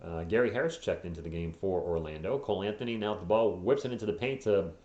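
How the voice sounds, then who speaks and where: A hoarse man hosting a live fan play-by-play stream, calling plays quickly and tossing in joking asides and replies to viewers. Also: low-pitched, darkish tone, echoey room, muffled recording. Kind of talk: casual live play-by-play commentary.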